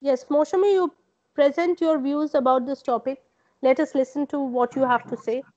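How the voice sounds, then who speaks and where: Indian english lady teacher, high voice, correcting students on a call, kinda muffled lo-fi audio. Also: fairly even intonation, normal speed, a little mellow. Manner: corrective, repeats points. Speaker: lecturer. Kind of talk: online class feedback. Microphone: video call. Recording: dull lo-fi online call audio.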